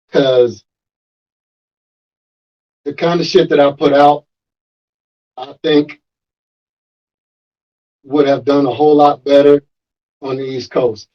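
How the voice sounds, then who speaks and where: Heard through a muffled recording, this rapper guest has a mid-range voice. He tells a story in loose, profane conversation, animatedly performing the voices of the people he quotes.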